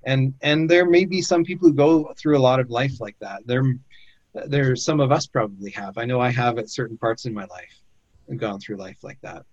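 A man's voice: medium pitch, normal speed, darkish tone, dry recording, lo-fi sound. A man hosting a conversation who gives encouraging coaching advice, often repeating words as he talks. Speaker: host. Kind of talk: casual chat, coaching advice.

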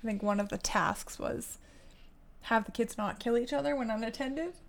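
A woman's voice: a little high, moderate pace, creaky. A woman co-hosting a podcast in casual chat, rambling and laughing often. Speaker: podcast co-host. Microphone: studio podcast mic.

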